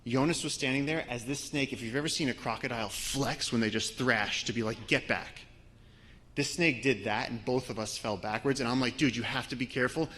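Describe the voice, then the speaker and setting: A man from Brooklyn, an expedition guide, telling a lively story to a live audience with slides. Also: medium pitch, fairly quick, few pauses. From Brooklyn, New York. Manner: animated storyteller, voice rising as the story builds. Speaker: expedition guide giving a talk.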